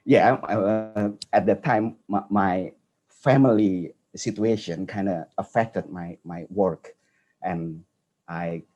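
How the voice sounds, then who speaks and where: A man with an Indonesian accent telling an earnest personal story at a conference, halting and restarting often. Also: low-pitched, darkish tone. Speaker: conference speaker.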